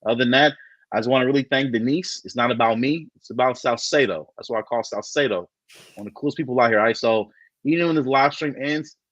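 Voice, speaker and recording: A comedian from Texas, chatting as a guest in a playful, exaggerated way. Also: male voice, mid-range voice, fast talker, no room sound, lo-fi sound. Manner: playful, exaggerated, repeats words. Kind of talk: casual chat.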